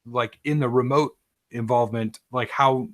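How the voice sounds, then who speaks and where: A man's voice: medium pitch, steady tone, normal speed. A man interviewing a client over a video call, conversational and loose, often saying "like" and "um". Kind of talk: casual remote interview.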